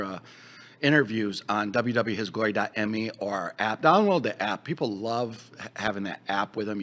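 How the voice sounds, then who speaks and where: A man's voice: lowish voice, fairly bright tone. A male show host talks in a plain, earnest manner. His delivery is conversational and easygoing. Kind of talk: conversational interview talk.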